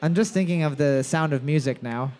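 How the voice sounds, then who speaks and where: Man, high voice, trivia quizmaster, profane jokes, repeats questions slowly. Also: darkish tone. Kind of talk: bar trivia hosting with crude banter. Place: bar trivia night with a sound system.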